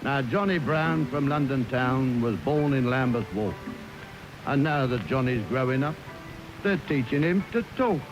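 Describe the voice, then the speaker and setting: A man's voice: mid-range voice, animated, unhurried. A man singing and patter-speaking a cheery comic music-hall song over a band. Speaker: comic singer. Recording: dull old record with loud band.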